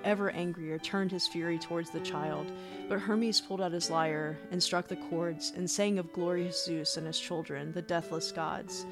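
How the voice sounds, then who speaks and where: A podcast co-host retelling a myth in a slow, measured way. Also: medium pitch. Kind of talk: storytelling with music behind.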